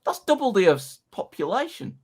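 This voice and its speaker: A man co-hosting a casual music review chat, animated, laughing and swearing often. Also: sits high, moderate pace, a little hiss or hum. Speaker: podcast co-host.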